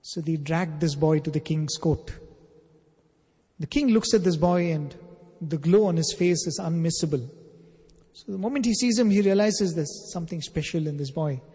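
Male spiritual teacher, earnest sermon, fairly high, mellow and husky, long hall echo. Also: normal speed. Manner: earnest, emphatic, builds phrases in lists. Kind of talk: sermon with storytelling.

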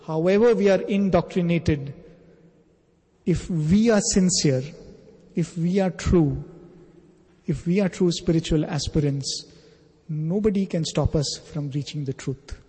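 Male spiritual teacher, earnest sermon, fairly high, mellow and husky, long hall echo. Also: a little slow, long pauses. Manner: earnest, emphatic, builds phrases in lists. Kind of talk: sermon with storytelling.

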